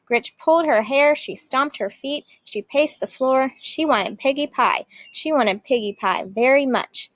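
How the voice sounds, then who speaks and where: Woman teacher, storybook read-aloud, expressive, fairly high voice. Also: a little slow, few pauses, dry recording, poor audio. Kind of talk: reading a picture book aloud.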